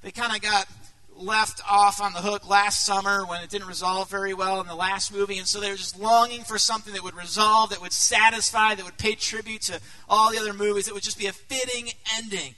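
A middle-aged man preaching a sermon as pastor, earnest, dropping to a hush and then rising to loud, emphatic peaks. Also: high voice, level tone, fairly quick, hardly any pauses, low-quality recording.

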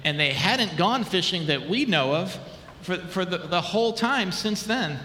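A male pastor preaching a sermon, animated, dropping low and quiet for dramatic retellings. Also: unhurried, a little hiss or hum. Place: church sanctuary. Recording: echoey hall with long reverb.

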